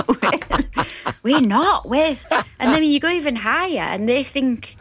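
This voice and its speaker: A woman's voice: high voice, animated, slow pace, slightly rough, no room sound. A woman comedian with a Hull accent, chatting in a rambling, self-deprecating way and laughing often during a radio interview. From Hull, England. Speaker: comedian guest.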